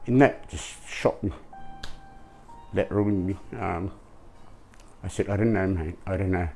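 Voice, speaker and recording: An older man with a lowish voice, speaking in a halting, subdued way. He repeats himself as he tells his story in an interview, with soft music in the background. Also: fairly even intonation. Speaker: grieving father interviewed. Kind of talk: emotional interview testimony.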